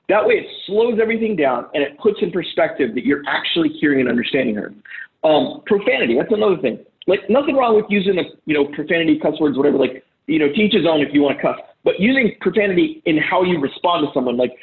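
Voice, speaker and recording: A man's voice: fairly high pitch, lively intonation, fast talker. A man giving casual relationship advice to other men, blunt and profane, acting out heated arguments in quoted lines. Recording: phone-like lo-fi audio.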